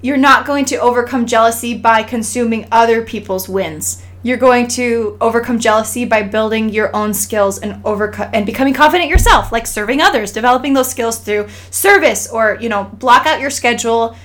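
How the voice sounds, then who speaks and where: A woman's voice: a little high, a bit bright. A woman from Idaho co-hosting a podcast, talking earnestly and encouragingly in casual chat, with many restarts and fillers. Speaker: podcast co-host.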